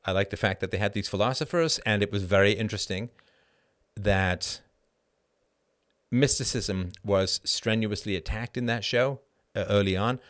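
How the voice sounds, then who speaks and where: A middle-aged man hosting a live show, answering chat questions in an animated monologue that keeps tossing in a rhetorical "right?". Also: fairly low pitch, moderate pace. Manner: animated, frequent rhetorical "right?", laughs mid-sentence. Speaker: host.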